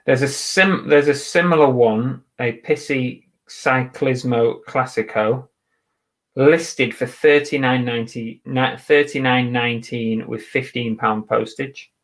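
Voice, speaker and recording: A man's voice: medium pitch, fairly even intonation, slow pace, poor audio. An English man from the UK, chatting casually and bluntly on a live stream while listing items for resale and reading out viewers' comments. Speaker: eBay reseller livestreaming.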